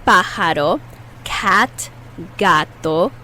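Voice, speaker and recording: A woman teaching Spanish vocabulary in a patient way, saying each word slowly and repeating it for learners. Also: on the low side, lively intonation, pushed and bright, slight background noise, poor audio. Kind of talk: slow, clear language lesson.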